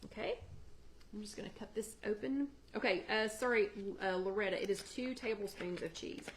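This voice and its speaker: A woman's voice: mid-range voice, normal speed, slight background noise. A woman hosting a live chat, casually walking viewers through a recipe and answering their comments by name from her home kitchen. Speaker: host of a live weight-loss chat. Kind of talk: casual cooking demo on a livestream.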